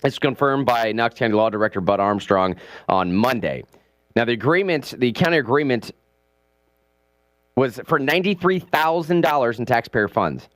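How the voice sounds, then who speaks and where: A man's voice: medium pitch, no echo. A man hosting a morning talk radio show, giving opinionated commentary and taking calls. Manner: fast, animated, conversational and opinionated.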